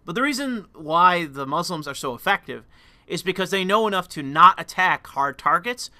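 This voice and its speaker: A man delivers a heated political commentary monologue, profane and rambling, full of fillers. His voice is a little high and very bright and sharp. The sound is dry and close to the mic. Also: smooth, no echo. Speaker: commentary channel host.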